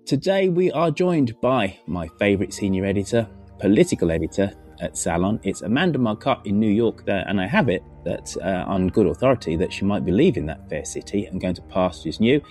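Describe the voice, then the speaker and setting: A man with a deep, low voice opening a podcast in a polished, genial presenter style. He introduces the show and its guests with an easy rhythm. A faint bit of music sits underneath him. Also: lively intonation, brisk, a little mellow. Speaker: podcast host. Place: home.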